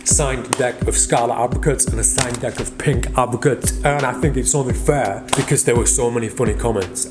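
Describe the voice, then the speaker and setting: A man hosting a magic vlog, casually reading out viewers' joke comments and teasing an off-camera helper. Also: medium pitch. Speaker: magician host. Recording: background music.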